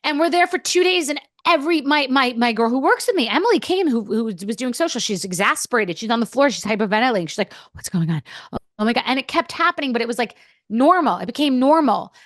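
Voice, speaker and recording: A woman's voice: high voice, lively intonation, fast, dry recording, studio quality. A woman guest on a podcast, telling a candid story in a blunt, profane, rambling way.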